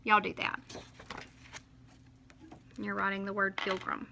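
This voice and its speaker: A woman teacher, talking young children through a lesson in a slow, sing-song way and stretching out each syllable when she counts. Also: medium pitch, completely flat delivery, creaky, background noise.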